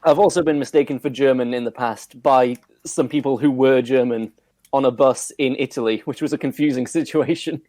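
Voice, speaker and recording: A man's voice: mid-range voice, fairly even intonation, brisk, a little mellow, no echo. A man co-hosting a podcast in casual chat, easygoing and self-deprecating. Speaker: podcast co-host.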